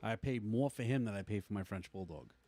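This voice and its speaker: A man's voice: on the low side, a little fast, dark tone. A middle-aged man co-hosting a podcast, chatting casually and easily. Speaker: podcast co-host. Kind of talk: casual chat.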